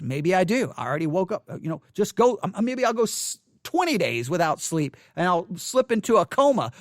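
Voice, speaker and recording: A man's voice: sits high, big pitch swings, fairly quick, few pauses, no room sound, clean studio sound. A man who teaches the Bible, talking to camera in a frustrated, repetitive rant. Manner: frustrated, ranting, repeats himself. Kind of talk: unscripted video monologue.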